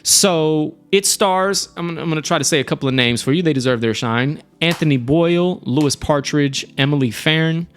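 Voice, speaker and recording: A man hosting a live stream and reviewing shows in a relaxed, chatty way, cursing casually and often restarting his sentences. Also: a little high, normal speed, few pauses, clean tone. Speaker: streamer and show host.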